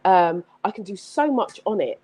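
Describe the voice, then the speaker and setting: A woman hosting a live-streamed motivational talk, energetic and exclamatory, repeating her points like a preacher. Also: medium pitch, moderate pace, slightly rough. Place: home setup with several screens.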